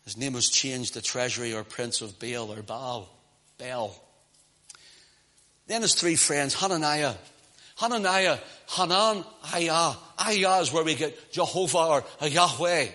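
A man with a high, bright, ringing voice preaches a sermon. He presses hard on key phrases, then drops to hushed asides and slows right down. At times he drifts a little away from the mic. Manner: impassioned, swings from loud emphasis to hushed asides.

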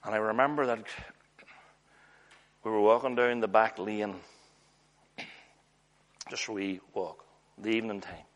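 Male preacher, lowish voice, earnest storyteller with hushed asides. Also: fairly even intonation, a little slow, long pauses. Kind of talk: sermon.

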